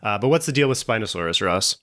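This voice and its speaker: A man's voice: on the low side, expressive, quick pace, bright, forceful tone. A man chatting on a podcast panel, explaining things in a loose, filler-heavy way. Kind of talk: casual chat.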